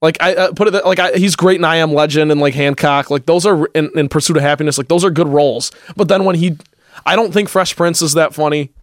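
A man's voice: a little high, fairly even intonation, fast talker, no echo, clean studio sound. A man co-hosting a casual chat, easygoing and opinionated, with hesitant restarts. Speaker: podcast co-host.

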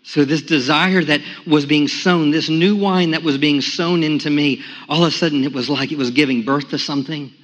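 A pastor giving a sermon with a personal testimony, going from quiet, hushed telling to loud, high-pitched praise. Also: male voice, fairly even intonation, moderate pace, few pauses, lo-fi sound. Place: church sanctuary. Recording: echoey church sanctuary.

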